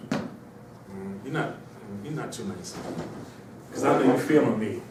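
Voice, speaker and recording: A man from Mauritania giving an informal, animated lecture to a small audience, repeating himself and slipping into mocking voices. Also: lowish voice, unhurried, pauses often, noisy background. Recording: echoey room, distant mic.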